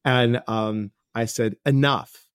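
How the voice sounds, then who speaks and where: With a lowish voice at a moderate pace, a middle-aged life coach hosting a podcast shares stories in a relaxed interview chat. The studio sound is clean with no room noise, and he's earnest and lively, performing other people's dialogue.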